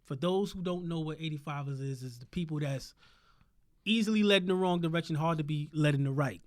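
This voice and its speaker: A man's voice: fairly high pitch, fairly quick. A man hosting a casual podcast, preaching with rhetorical questions and a constant "you know what I'm saying". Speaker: podcast host.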